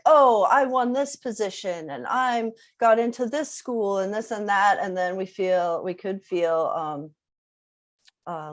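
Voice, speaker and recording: A woman music teacher gives a casual online workshop talk, chatty and full of fillers and tag questions. Her voice is lowish and a little mellow.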